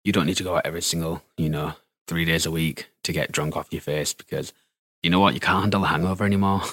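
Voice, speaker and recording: A young man with a broad Yorkshire accent recounts how he met his partner. His low, deep voice is loud and animated, with camp flair and a ready laugh. The recording is close and dry, with no room sound. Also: fast, breathy edge, dry recording. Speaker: interviewee. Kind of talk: candid storytelling.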